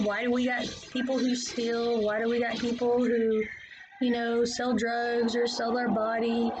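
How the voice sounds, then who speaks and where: A woman's voice: on the high side, background noise. A woman vlogging a casual, rambling opinion monologue, plain-spoken and drifting from topic to topic.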